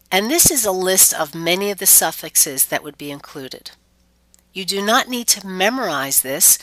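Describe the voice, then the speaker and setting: Slow, lively woman teaching. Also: fairly low pitch, no echo. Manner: clear, deliberate, stretches example words. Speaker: pronunciation teacher. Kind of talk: scripted instructional lesson.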